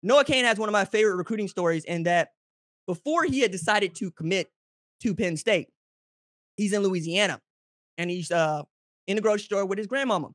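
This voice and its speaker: A man hosting a college football show, giving brash, teasing commentary straight to his audience and jumping high and loud when he gets excited. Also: a little fast, long pauses, dry recording, studio quality. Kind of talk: opinionated sports commentary to camera.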